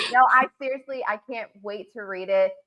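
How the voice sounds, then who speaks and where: A middle-aged woman co-hosting a casual chat podcast, excitable and gushing, quick to laugh. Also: medium pitch, soft background music. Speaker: podcast co-host. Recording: dull lo-fi audio.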